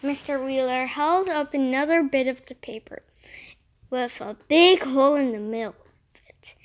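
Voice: high voice, moderate pace. A child reading a chapter of a storybook aloud, carefully and steadily, with a few small slips. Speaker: reader.

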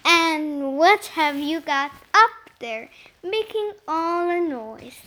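A child reader voicing a nosy, suspicious older woman neighbor who asks prying, drawn-out questions. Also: extremely high pitch, expressive, bright, forceful tone, exaggerated voice.

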